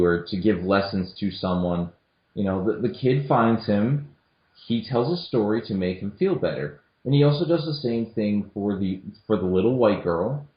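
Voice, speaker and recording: A young man with a lowish voice talks through a film in casual conversation. He restarts his sentences often and leans on fillers. The sound is roomy and dull, like an amateur home recording. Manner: hesitant, many restarts and fillers. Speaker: podcast co-host. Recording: echoey room, dull lo-fi audio.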